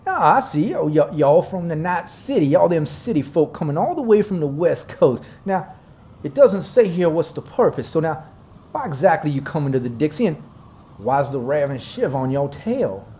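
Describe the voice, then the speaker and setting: Picture a folksy, smug southern boss as a game master puts him on, loud and pitched up above a normal speaking voice. He lingers over each word in a thick Southern drawl, polite on the surface. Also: big pitch swings. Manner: slow, drawling, mock-polite.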